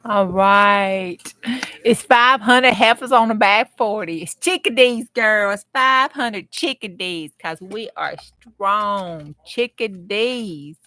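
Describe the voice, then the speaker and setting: Slow-talking woman streamer. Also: medium pitch. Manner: excited, laughing, chatty with viewers. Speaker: craft livestream host. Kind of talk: casual livestream chat.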